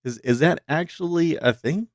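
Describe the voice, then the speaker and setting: A man's voice: fairly high pitch, moderate pace, vocal fry, dry recording, studio quality. A man hosting a day-trading livestream, talking casually to viewers at his desk microphone and thinking aloud between remarks. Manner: chatty, talks directly to viewers. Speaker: livestream host and day trader. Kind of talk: casual live commentary.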